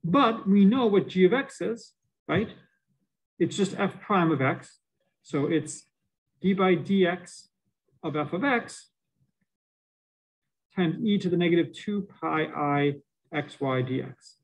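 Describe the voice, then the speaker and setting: A middle-aged professor with a Boston accent teaches a math class in a rather high voice. He jokes with the students between steps. His words come through a face mask, a little muffled. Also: slow, long pauses. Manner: animated, joking asides to students. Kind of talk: university lecture.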